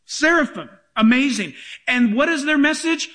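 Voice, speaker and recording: A man's voice: sits high, lively intonation, normal speed, fairly bright tone. A male pastor preaching a sermon to a congregation, emphatic and joking with the room.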